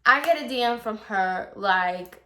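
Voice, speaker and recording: A woman's voice: on the high side, lively intonation, unhurried, pushed and bright. A young woman hairstylist telling a casual story about a client, chatty and loose, full of "like" and "you know".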